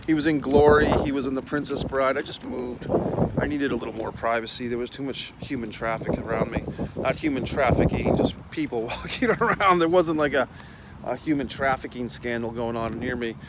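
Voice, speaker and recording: A man's voice: mid-range voice, brisk, heavy background noise. A middle-aged man hosting a casual, profane rant while walking outdoors. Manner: blunt, profane, rambling. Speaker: host.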